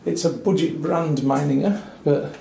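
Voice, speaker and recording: A man's voice: on the high side, measured pace, gravelly, warm tone. A man giving a chatty, wry walkthrough of a small hotel room for a travel review, with dry asides. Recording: echoey small room with faint noise.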